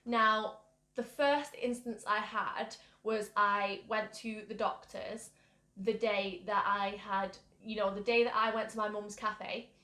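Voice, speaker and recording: A woman's voice: mid-range voice, flat delivery, slow, sharp tone. A young woman from the UK candidly recounting a personal story, rambling with many fillers. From United Kingdom. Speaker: mental health vlogger. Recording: roomy echo.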